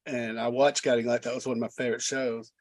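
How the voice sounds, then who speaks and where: A man's voice: medium pitch, level tone, fast. A man hosting a casual interview, eagerly praising and prompting his guest like a fan. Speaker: host.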